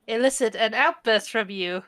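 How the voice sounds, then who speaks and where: A woman's voice: on the high side, moderate pace, a bit bright. A woman narrating a tabletop game as game master with wry, playful narration.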